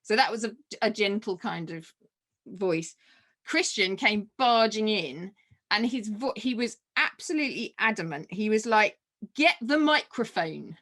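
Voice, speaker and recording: A woman's voice: medium pitch, a little slow. Woman animatedly telling a story. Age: adult with children. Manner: animated, acts out remembered dialogue. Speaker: podcast guest. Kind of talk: casual personal storytelling.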